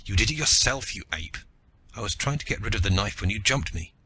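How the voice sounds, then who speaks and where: A man voicing a hoarse, breathless grown rival who speaks in halting gasps. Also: lowish voice, sharp tone, slight background noise. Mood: defensive. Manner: gasping, halting speech. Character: scarred, winded grown male rival, gruff and proud.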